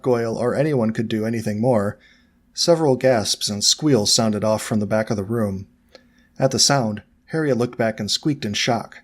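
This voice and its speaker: A man narrating a fan fiction audiobook in a steady, even storytelling manner. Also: mid-range voice.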